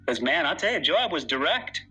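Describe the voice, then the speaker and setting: A man's voice: fairly high pitch, very animated, normal speed, sharp tone, slightly rough, rough recording. A man preaching a sermon in an earnest, emphatic way, reading scripture aloud with dramatic weight.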